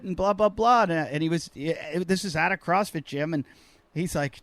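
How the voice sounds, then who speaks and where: A man hosting a podcast over a remote call, talking in an animated, rambling, self-mocking way with lots of jokes. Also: sits high, fairly quick, no echo. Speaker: podcast host. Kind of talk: casual joking chat.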